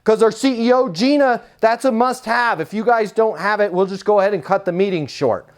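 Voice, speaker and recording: A man's voice: high voice, brisk, lightly acted. A man playing a curt, irritated client. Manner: curt, impatient. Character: irritated, demanding business client.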